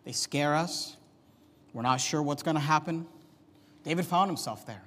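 A man preaching a sermon as pastor, emphatic, swinging from quiet to loud. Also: fairly high pitch, moderate pace. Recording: long hall reverb.

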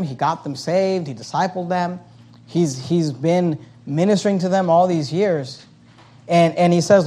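Middle-aged man, pastor, fervent sermon delivery, a touch higher-pitched than most men. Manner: fervent, emphatic preaching that swings loud, then soft in prayer.

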